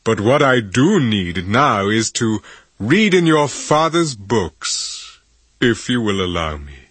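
A man's voice: medium pitch, very animated, fairly bright tone, slightly rough, dry recording, full character voice. Man voicing a formal, passionate ancient king. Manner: grand, formal, slow and emphatic.

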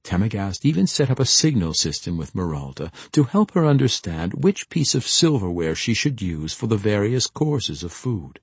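A man narrating a fantasy audiobook with expressive storytelling. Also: fairly low pitch, normal speed, hardly any pauses, slightly rough, dry recording.

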